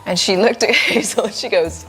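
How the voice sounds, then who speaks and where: A woman telling anecdotes as a talk-show guest, animated and laughing often. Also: mid-range voice, moderate pace, faint music behind, low-quality recording.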